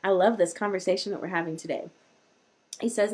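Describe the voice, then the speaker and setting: A woman's voice: medium pitch, brisk, a little mellow. A woman hosting a live-streamed parenting talk, chatty and rambling, with many restarts. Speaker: host.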